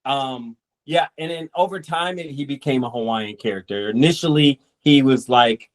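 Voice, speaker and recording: A man's voice: medium pitch, moderate pace. Rambling comic creator, a man. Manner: relaxed, rambling, quotes people in asides. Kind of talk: casual interview chat.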